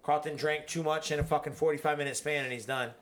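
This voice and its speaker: Guy hosting a podcast, brash and sweary, kinda high voice, goofing around with buddies. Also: fairly even intonation, fast talker, fairly bright tone. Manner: profane, brash, joking. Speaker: podcast host. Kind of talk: rowdy casual chat.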